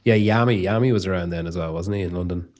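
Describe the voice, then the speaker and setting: A man's voice: sits low, fast talker, darkish tone. A man hosting a casual podcast, joking and rambling, swearing freely. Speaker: podcast host.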